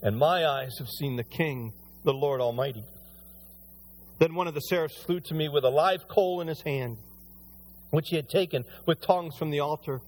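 A man preaching a sermon as pastor, animated, rising loud on emphasis and slowing down when reading scripture aloud. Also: on the high side.

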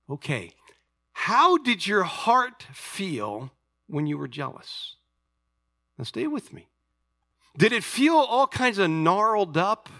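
Bright-voiced preaching man. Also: a little high. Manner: emphatic preaching, calls out to the congregation. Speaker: pastor. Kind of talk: sermon.

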